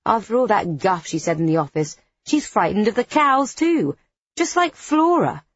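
A woman's voice: mid-range voice, big pitch swings, normal speed, breathy edge, no room sound, muffled recording. A woman narrating a first-person story in a wry, conspiratorial tone with dry understatement. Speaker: audiobook narrator.

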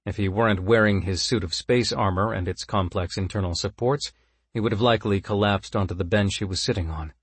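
Husky low-voiced male story narrator. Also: a little fast, no room sound.

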